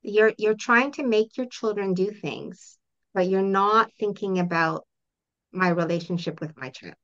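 Middle-aged woman, parent coach guest; bright, crisp-edged voice, earnest and explanatory; muffled lo-fi audio. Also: mid-range voice, measured pace. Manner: earnest, explanatory, acts out example dialogues. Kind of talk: interview answers. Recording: dull lo-fi audio.

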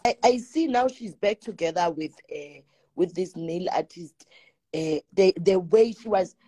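A woman's voice: lowish voice, measured pace, dark tone, slight background noise. A woman hosting a casual chat, chatty and egging her guest on. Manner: chatty, egging on, begging viewers for money. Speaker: host.

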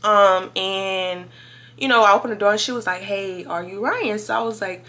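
A twenty-year-old woman from Louisiana, telling a story in a chatty, animated vlog to her viewers. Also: medium pitch, moderate pace. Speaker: vlogger.

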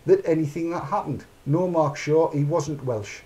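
A man's voice: fairly high pitch, normal speed, mellow. A middle-aged man, hosting a casual chat show in a rambling, chatty way and narrating his own actions aloud. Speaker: podcast host.

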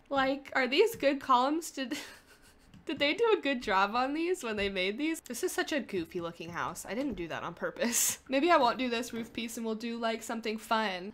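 A woman's voice: fairly high pitch, fairly bright tone. A young adult woman chatting casually as she plays a building game, thinking aloud and laughing at herself. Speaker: gaming creator. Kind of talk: casual gameplay commentary.

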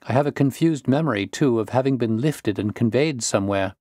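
A man's voice: medium pitch, a little fast, a little mellow, slightly rough, no echo, studio quality, lightly acted. A man reading the part of a shaken, earnest young engineer in a storybook tale.

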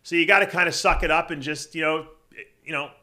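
A man's voice: fairly high pitch, steady tone, fairly quick, sharp tone. A man hosting a podcast, chatting casually and reassuring his guest, with lots of "you know". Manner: talkative, reassuring, fond of fillers like "you know". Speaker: podcast host. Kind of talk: casual chat, interviewing.

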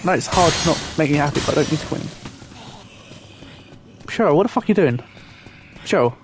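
A young man commentating a video game, exasperated and swearing loudly at the characters he guides. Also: fairly high pitch, lively intonation, normal speed, music in the background. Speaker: gamer. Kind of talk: let's play commentary. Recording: game sounds and noise behind voice.

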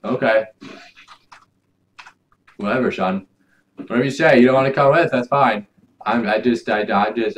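A young man giving loud, swearing let's play commentary, swinging between shouts and mumbles. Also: lowish voice, normal speed, long pauses, slight background noise, poor audio. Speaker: gaming YouTuber.

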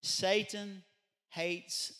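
A man's voice: high voice, little pitch movement, drawn-out words, bright, forceful tone. A pastor preaching a midweek Bible study, telling a story in a conversational way and putting rhetorical questions to his congregation. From Louisiana. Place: church sanctuary.

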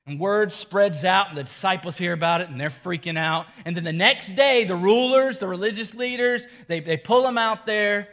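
A man with a high voice preaching a sermon. He tells the story casually and with animation, piling up short repeated phrases for emphasis. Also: moderate pace, few pauses, fairly bright tone. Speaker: pastor.

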